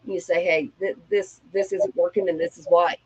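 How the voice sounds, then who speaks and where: Husky-voiced woman on dull audio. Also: on the low side, level tone, normal speed. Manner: frank, advice-giving. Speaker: co-host. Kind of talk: candid personal chat.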